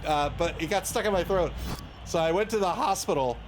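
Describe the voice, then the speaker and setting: Male stream commentator, high and animated, self-mocking storyteller, noisy background. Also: fairly quick. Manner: chatty, self-mocking storyteller, laughs often. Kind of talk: casual game commentary and chat. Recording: audible background noise.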